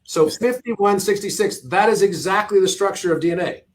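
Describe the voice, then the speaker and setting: A middle-aged man with a notably high voice talks as a podcast guest. He explains number patterns eagerly, repeating key figures for emphasis and laughing now and then. The tone is casual conversation. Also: a little fast.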